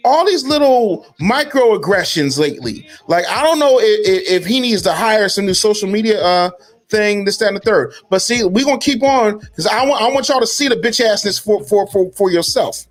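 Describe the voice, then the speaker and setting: A man delivering a heated, profane commentary, mocking his target and swinging from low mutters to shouted taunts. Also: expressive, moderate pace. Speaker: commentary host. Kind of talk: heated social media commentary.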